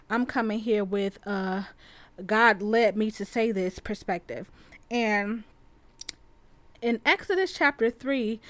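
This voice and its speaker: A young woman from the west side of Chicago, hosting a faith podcast in a chatty, animated way and retelling Bible stories in everyday slang. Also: mid-range voice, no room sound. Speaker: podcast host. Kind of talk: casual faith podcast talk.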